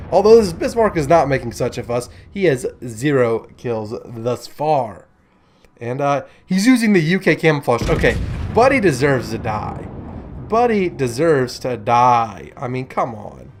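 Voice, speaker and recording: A man's voice: medium pitch, slight background noise. A man casually commentating a warship gameplay video, chatty and joking with rambling asides.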